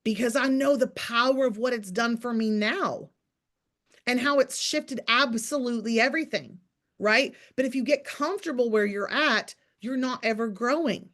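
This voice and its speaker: A woman in her thirties delivers a fast, emphatic pep talk to her accountability group on a call, both preachy and teasing. Her voice is fairly high in pitch with a fairly bright tone.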